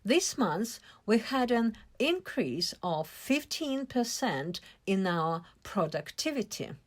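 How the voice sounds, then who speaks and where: A woman teaching English vocabulary at an unhurried pace. Her pitch rises and falls in lively swings as she spells out meanings and syllable stress with care. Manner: slow, careful explaining with stressed syllables. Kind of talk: vocabulary lesson.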